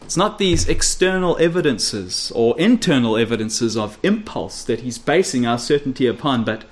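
A man preaching an expository sermon, stressing key phrases by repeating them and dropping low and quiet, and putting rhetorical questions to his listeners. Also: animated, normal speed. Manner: asks the audience rhetorical questions.

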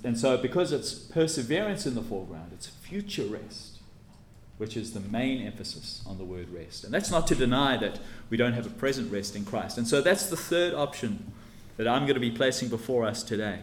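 A man gives a teaching sermon in an echoey room, with a faint hum of ambience behind him. His voice sits at an ordinary middle pitch. He lays out his points carefully and leans hard on each key word. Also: expressive, moderate pace. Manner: teacherly, emphatic, stresses key words. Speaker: preacher. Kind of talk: expository sermon.

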